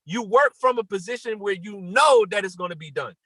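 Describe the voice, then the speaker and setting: A man giving an emphatic motivational talk on a morning call, repeating his points and rising to near-shouts. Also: high voice, animated, a little fast, no echo, poor audio.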